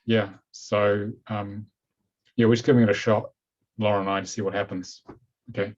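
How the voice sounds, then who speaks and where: A man with a New Zealand accent hosting a webinar over a video call, chatty and relaxed. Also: fairly low pitch, normal speed. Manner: relaxed, chatty, says "okay" a lot. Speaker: webinar host. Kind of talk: casual webinar talk. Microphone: computer mic on a video call. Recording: dull lo-fi video call audio.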